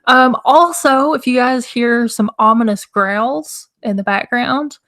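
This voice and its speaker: Hoarse, chatty woman hosting a stream. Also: on the high side, slow, a bit bright. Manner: chatty, rambling, greets chat viewers, laughs often. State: hoarse, scratchy throat. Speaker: livestream host. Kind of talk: casual live-stream chat.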